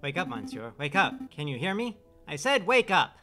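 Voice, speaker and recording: A worried young male bird calling out with urgent, pleading force, as a man voices him. The pitch rises well above a low natural voice, with a bright tone. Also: sing-song, normal speed, faint music behind.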